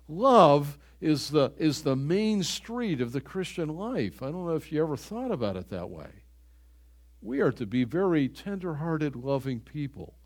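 A man's voice: fairly high pitch, a little mellow. An older man preaching a sermon to his church in an earnest, conversational way, often restarting his phrases. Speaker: pastor.

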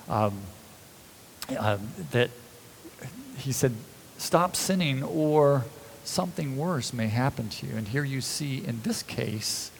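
A man preaching a sermon, retelling the scenes with animated storytelling and acting out the people in them. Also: medium pitch, creaky, a little hiss or hum, low-quality recording.

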